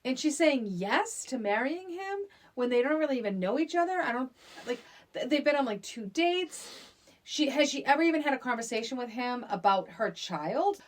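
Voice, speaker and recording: A young woman co-hosting a casual movie podcast, talking in an animated, emphatic way with frequent restarts. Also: high-pitched, moderate pace. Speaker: podcast co-host.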